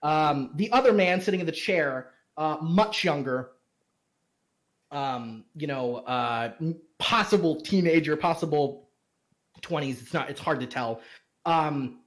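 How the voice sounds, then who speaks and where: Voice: mid-range voice, a little slow. A game master narrating a tabletop game, rambling with many fillers and restarts.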